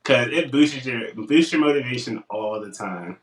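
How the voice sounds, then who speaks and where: A man's voice: mid-range voice, moderate pace, reverberant, far from the mic, low-quality recording. A young man co-hosting a casual podcast, telling stories and acting out what people said to him. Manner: animated storytelling, acts out quotes. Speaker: podcast co-host.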